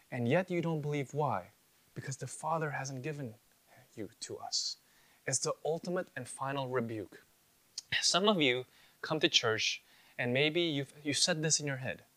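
A man's voice: a little high, sharp tone, no room sound. A man preaching a sermon as pastor, earnest and building to emphatic rebukes, sometimes mimicking listeners' excuses in a casual voice.

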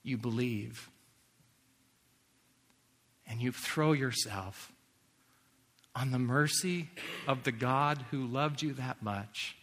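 A man preaching a sermon in earnest, sometimes dropping to a hushed near-whisper. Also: mid-range voice. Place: large hall or chapel. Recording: long hall reverb.

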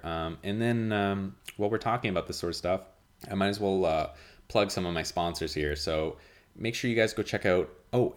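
A man hosting his own podcast, talking casually in a nasal monotone and rambling with lots of fillers and restarts. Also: extremely low pitch. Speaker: podcast host. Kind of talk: casual solo podcast chat.

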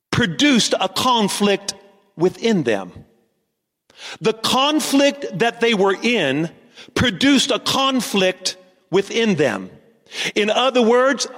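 A male pastor preaching a sermon, repeating key lines and calling on the congregation to shout back, sometimes singing a phrase. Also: sits high. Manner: preaching, call-and-response with congregation. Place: church. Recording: long reverb of a church hall.

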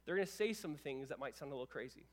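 A young adult male pastor delivering a sermon in an animated, conversational way, with quick asides to the congregation. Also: a little high.

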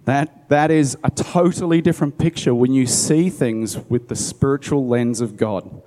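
A man delivering a sermon, reading scripture and stopping to muse about it in a relaxed, conversational way. His voice is mellow and warm. A long hall reverb trails behind every line. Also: mid-range voice, moderate pace. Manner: conversational, musing aside. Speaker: preacher. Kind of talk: sermon, Bible reading with commentary.

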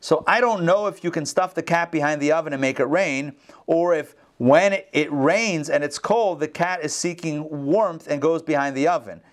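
A man teaching an online class, telling stories with lively acted-out voices over a video call. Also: fairly high pitch, normal speed. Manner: animated storyteller, acts out the characters. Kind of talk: casual lecture with storytelling.

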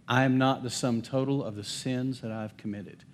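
A male pastor preaches to his church in an emphatic sermon voice of ordinary pitch. He calls out for amens from the congregation and moves between ringing declarations and quiet, hushed lines. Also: fairly even intonation, moderate pace, a little hiss or hum. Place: church service.

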